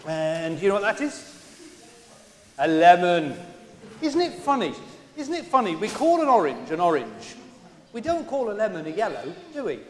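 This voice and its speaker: A man leading a playful children's talk in a large church, chatty and coaxing the kids along. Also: high voice. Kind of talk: playful all-age church talk with props. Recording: echoey church hall with long reverb.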